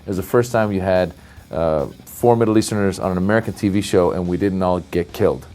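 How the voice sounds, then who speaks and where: A comedian with a lowish voice tells a story as an interview guest. He is animated and laughs easily, jumping into little voices for the people he quotes. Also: fast.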